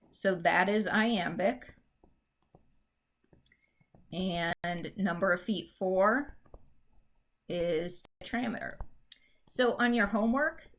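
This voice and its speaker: Woman, teacher, relaxed explanatory delivery full of ums and restarts, mid-pitched. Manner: casual, explanatory, with frequent fillers and restarts. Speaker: English teacher. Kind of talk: recorded classroom lesson.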